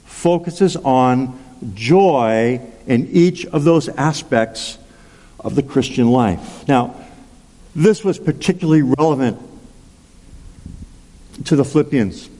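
A male pastor preaching a sermon, unhurried and emphatic, repeating words and leading the congregation in call-and-response. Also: medium pitch, expressive, mellow. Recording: long hall reverb.

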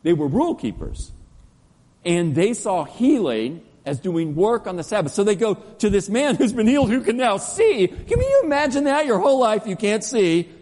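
A man preaching a sermon as pastor, storytelling with energy and dropping to slow, soft emphasis on key words. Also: sits high, very animated. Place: church sanctuary. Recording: long church reverb.

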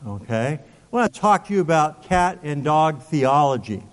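A man's voice: a little high, very animated, normal speed. A male pastor preaching a sermon, emphatic, asking rhetorical questions and repeating words. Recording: long hall reverb.

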